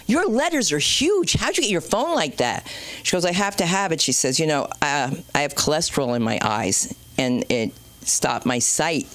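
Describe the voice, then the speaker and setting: A woman comedian hosting an open mic night, telling a rambling stand-up story with swearing and sudden loud and low turns. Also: no room sound. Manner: animated, swearing, jumps between loud and low. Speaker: comedian and show host. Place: small comedy club stage.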